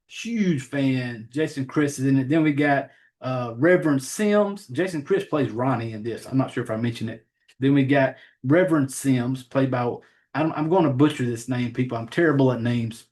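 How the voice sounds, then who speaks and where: A man's voice: mid-range voice, darkish tone. This is a Southern-accented man hosting a horror movie podcast, a parent with a child of his own. He talks in loose, profane, rambling casual chat, stumbling over names and laughing at himself as he goes. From Southern United States. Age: adult, has a child. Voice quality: rambling, profane, self-deprecating about names.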